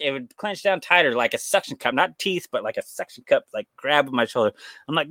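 A young man on a casual podcast, telling long winding stories full of curse words. He acts out the people in them as he goes. His voice is bright and tense, recorded dry and close with no room sound. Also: mid-range voice, lively intonation, a little fast, no room sound. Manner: rambling storyteller, swears a lot, acts out quoted voices. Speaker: podcast co-host. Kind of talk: casual chat.

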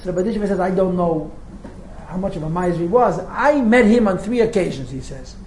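A man teaching a class as a rabbi, telling a story with quick asides before turning to the text. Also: high-pitched, darkish tone. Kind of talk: storytelling lecture. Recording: roomy echo with faint noise.

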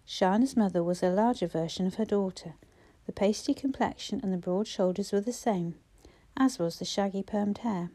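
A woman reading a novel aloud as audiobook narrator, steady and expressive. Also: medium pitch, moderate pace. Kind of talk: scripted narration.

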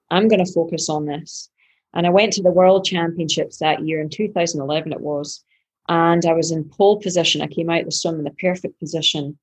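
Husky-voiced woman athlete telling a story. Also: deep voice. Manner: animated, acts out her own past thoughts. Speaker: professional triathlete guest. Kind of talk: podcast interview storytelling.

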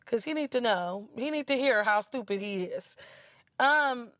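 A woman's voice: on the high side, a little slow, no echo, clean studio sound. A woman with an African American English accent telling a casual story, blunt and profane, mocking the people she quotes. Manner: blunt, profane, animated, mimics others mockingly.

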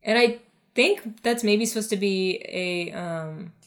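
A woman's voice: mid-range voice, slow. A woman co-hosting a podcast in casual chat, talking with many fillers and restarts. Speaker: podcast co-host.

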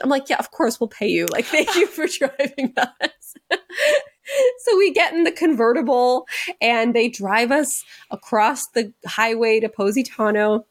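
A woman's voice: on the high side, moderate pace. A young woman co-hosting a podcast, telling a story in a casual chat and laughing often. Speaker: podcast co-host. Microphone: video call.

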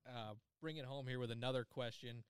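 A man's voice: mid-range voice, steady tone, a little fast, smooth, no room sound. A man hosts a podcast in a loose, chatty way. He restarts sentences and laughs easily. His voice sounds dry and close to the mic. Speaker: podcast host. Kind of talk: casual chat.

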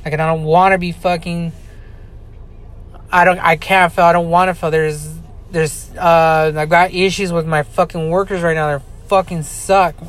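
A man on a podcast, venting in an angry personal monologue, swearing constantly and repeating himself between halting fillers. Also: a little high, level tone, fairly bright tone. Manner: profane, ranting, repetitive.

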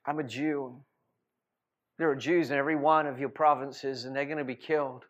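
A man's voice: medium pitch, steady tone, moderate pace, highs cut off, lightly acted. A man voicing a brave young queen, speaking earnestly and urgently for her people.

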